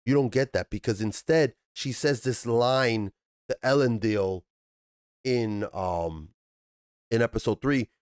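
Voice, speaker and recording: A man's voice: takes it slowly, clear, resonant tone, dry recording. Man ranting about TV, dry close sound. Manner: animated, profane, swings up into high exasperated bursts. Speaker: TV review channel host. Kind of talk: ranting TV review commentary.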